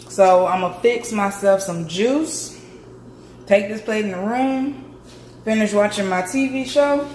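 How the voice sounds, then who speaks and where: A woman vlogger with a raspy, hoarse voice from a sore throat, chatting straight to her viewers. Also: medium pitch, roomy sound, slight background noise. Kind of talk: casual vlog chat.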